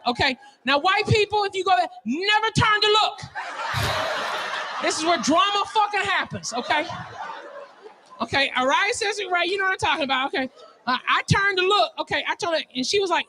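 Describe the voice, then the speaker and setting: High, bright-voiced excitable comedian man. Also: fairly quick, some chatter behind, a little hiss or hum. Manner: excitable, profane, laughing storyteller. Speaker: stand-up comedian. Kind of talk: stand-up comedy routine.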